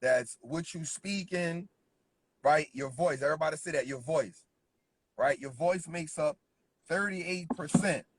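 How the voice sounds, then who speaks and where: A man's voice: fairly high pitch, unhurried, breathy edge. A man giving a motivational business talk, driving points home emphatically and checking in with "right?" after nearly every phrase. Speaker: business speaker.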